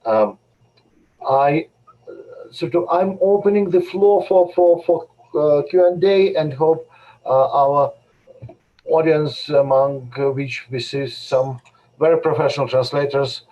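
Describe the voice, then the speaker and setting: A man hosting a Q&A, his speech halting with many hesitations. His voice is mellow, and the recording is somewhat dull and lo-fi. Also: on the high side. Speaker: event host.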